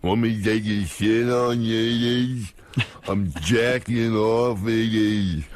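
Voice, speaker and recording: A man's voice: on the low side, steady tone, slow pace. A man voicing a lewd, leering Bigfoot with a crude, drawling delivery.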